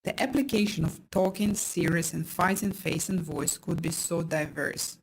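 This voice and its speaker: A woman who is a parenting instructor, narrating a course in a calm, explanatory way and stressing key points. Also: on the low side, normal speed, husky, poor audio.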